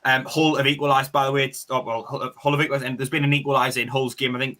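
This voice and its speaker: A young man co-hosting a fan stream, chatty and quick, reading out viewer messages and giving match opinions. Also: medium pitch, flat delivery, pushed and bright. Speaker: co-host reading the live chat. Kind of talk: casual fan-stream chat.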